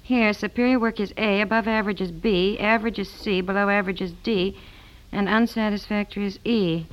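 A woman's voice: medium pitch, steady tone, natural voice, poor audio. A woman playing a chatty, fluttery mother and housewife in 1950s radio comedy acting. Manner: chatty, fluttery, quick asides. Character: fussing mother and housewife, middle-aged.

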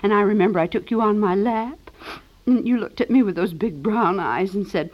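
An actress playing a talkative, sentimental elderly aunt in a 1950s radio comedy. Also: female voice, mid-range voice, moderate pace, natural voice. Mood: doting. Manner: chattering, sentimental, theatrical. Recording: dull old radio broadcast.

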